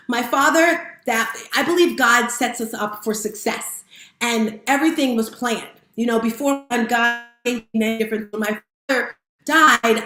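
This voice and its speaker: A woman's voice: fairly high pitch, fairly bright tone. A woman giving a candid, emotional, live-streamed motivational talk, casually addressing viewers as guys. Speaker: motivational speaker and fitness instructor. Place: room at home with lights set up. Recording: roomy echo.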